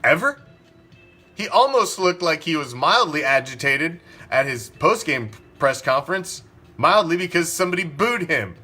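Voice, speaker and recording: A man's voice: on the high side, big pitch swings, normal speed, sharp tone, husky, soft background music. Profane, ranting male sports talker. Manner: profane, ranting, fires rhetorical questions. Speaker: sports podcast host. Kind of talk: opinionated sports talk.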